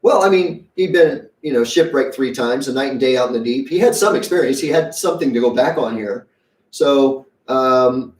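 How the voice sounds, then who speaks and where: A man's voice: mid-range voice, a little mellow, roomy sound, far from the mic. A man preaching a sermon as pastor, conversational and folksy, acting out quotes as he goes. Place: church sanctuary.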